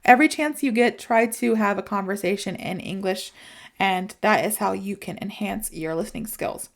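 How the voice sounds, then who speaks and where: An American woman hosting a casual podcast, giving advice in a chatty way, speeding up when excited and often adding "you know". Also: medium pitch, normal speed, gravelly. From United States. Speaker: podcast host.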